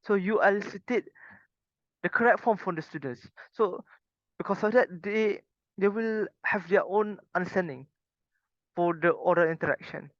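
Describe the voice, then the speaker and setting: A man's voice: high-pitched, moderate pace, no room sound. A young man giving a recorded class presentation, explaining step by step with short, plain examples. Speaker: student presenter. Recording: dull lo-fi, dry recording.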